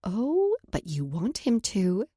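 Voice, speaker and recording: A woman reading a bubbly, teasing young female friend in an excitable, raised voice. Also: medium pitch, slow pace, slightly rough, no echo, clean studio sound, heavily acted.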